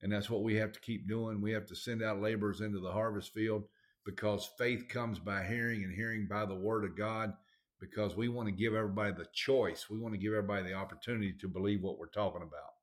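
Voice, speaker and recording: Southern man preaching, folksy and emphatic, a bit low in pitch. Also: fairly even intonation, fast talker. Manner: folksy and emphatic, plain everyday grammar. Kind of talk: sermon.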